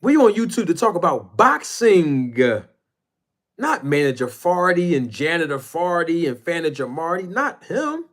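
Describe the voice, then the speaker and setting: A man's voice: fairly high pitch, very animated, a little slow. Talkative man hosting a live stream. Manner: conversational, shouts out chat viewers, rambling and emphatic. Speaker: boxing YouTube channel host. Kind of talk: casual live-stream chat.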